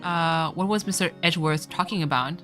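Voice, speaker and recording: A woman's voice: lowish voice, a little fast, fairly bright tone, faint music behind. A woman chatting casually on a live stream while playing a game, joking and swearing with bursts of laughter. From Canada.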